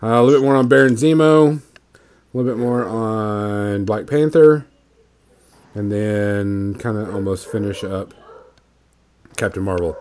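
A man's voice: lowish voice, measured pace, long pauses. A man co-hosting a casual podcast stream, talking loosely with many fillers while he paints miniatures. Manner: relaxed, rambling, many fillers. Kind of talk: casual livestream chat.

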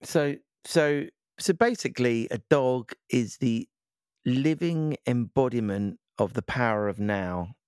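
A man's voice: mid-range voice, animated, slow pace, darkish tone, clear, resonant tone, dry recording, studio quality. Rambling man, joking co-host. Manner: rambling, joking, restarts a lot. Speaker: podcast co-host. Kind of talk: casual podcast chat. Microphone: podcast microphone.

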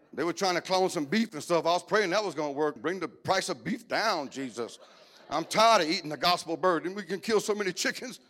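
High-voiced Cajun preacher man. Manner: joking, animated, breaking into shouts and whoops. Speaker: pastor. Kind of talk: humorous preaching.

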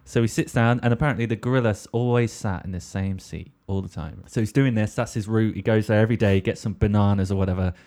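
A man's voice: fairly low pitch, fairly even intonation, fast, few pauses, dark tone. A young man hosting a podcast, telling a rambling comic anecdote in casual talk and swearing freely. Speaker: podcast host.

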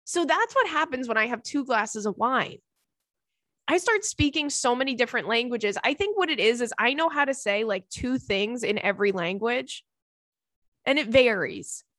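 A young adult woman hosting a podcast, telling stories in a casual, animated way, laughing often and acting out what her friends said. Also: fairly high pitch, normal speed, no room sound, clean studio sound. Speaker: podcast host. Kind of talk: casual storytelling chat.

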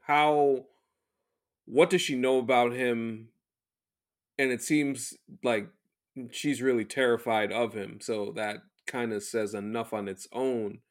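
Man co-hosting a podcast, mid-pitched, easygoing, wanders into digressions. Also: fairly even intonation, slow. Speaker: podcast co-host. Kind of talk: casual chat.

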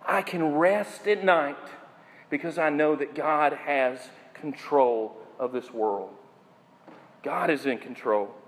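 A male pastor delivering a sermon, preaching in slow, emphatic phrases and putting questions to the congregation. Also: fairly high pitch, big-room sound.

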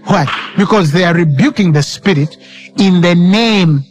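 A man's voice: sits high, unhurried, soft background music. A man preaching a sermon with emphatic delivery, repeating lines for stress and quoting scripture dramatically.

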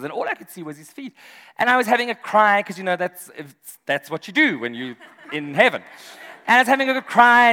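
Brief: male pastor, animated and funny, high and sing-song, long hall reverb. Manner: animated, humorous, laughs often. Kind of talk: sermon.

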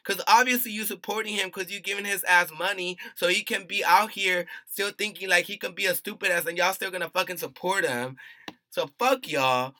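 A man's voice: high voice, steady tone, fairly quick, sharp tone, dry recording. A man co-hosting a casual podcast, talking in a heated, profane, emphatic way. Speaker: podcast co-host.

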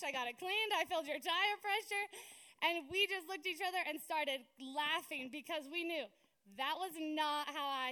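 A woman's voice: sits high, bright, forceful tone. A young woman preaching a sermon in a conversational, storytelling way, often checking in with "right?".

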